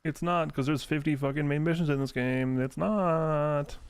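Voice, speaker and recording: Swearing, animated male game streamer. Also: fairly high pitch, moderate pace, few pauses, clear, resonant tone. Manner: animated, exasperated ranting with frequent swearing; mutters menu choices under his breath while playing. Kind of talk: casual live-stream gameplay commentary.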